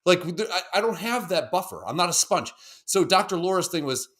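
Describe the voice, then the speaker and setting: A man's voice: sits high, lively intonation, a little fast, a bit bright. A man in his thirties co-hosting a podcast in casual chat, rambling, swearing a lot, and acting out other people's voices. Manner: profane, rambling, acts out quoted voices. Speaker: podcast co-host.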